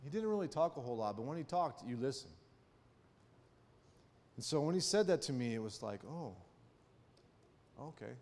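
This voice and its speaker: A man's voice: mid-range voice, sing-song, a little fast, long pauses, darkish tone. Man preaching in a reverberant hall. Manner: frequent rhetorical check-ins with the listeners; personal storytelling. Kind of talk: conversational sermon.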